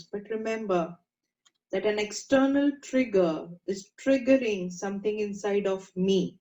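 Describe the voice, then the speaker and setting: A woman teaching a meditation class, gentle and coaxing, asking the group questions. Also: mid-range voice, a little slow. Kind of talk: spiritual class talk. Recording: dull lo-fi sound in an echoey room.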